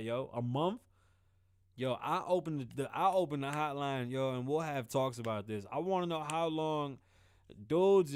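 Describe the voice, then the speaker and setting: A man hosting his own show alone, talking casually into a close mic in a profane, animated way and laughing often. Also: mid-range voice, smooth, no echo. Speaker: podcast host. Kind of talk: solo casual monologue.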